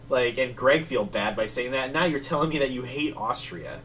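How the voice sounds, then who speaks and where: A man's voice: medium pitch, expressive, fast talker, bright, forceful tone. Guy rambling through casual chat, lots of likes and ums, sounds far off the mic with faint hum behind. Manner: rambling, with many fillers. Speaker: podcast co-host. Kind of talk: casual chat between matches. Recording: distant mic with faint ambience.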